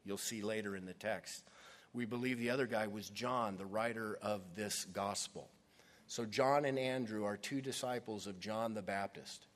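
A man's voice: on the low side, moderate pace. A man preaching a sermon, earnest and conversational, acting out scenes as he retells them. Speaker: pastor.

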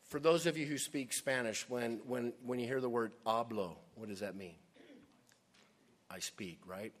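A male pastor preaching a sermon, emphatic, with dramatic pauses, sometimes dropping to a hush. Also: mid-range voice.

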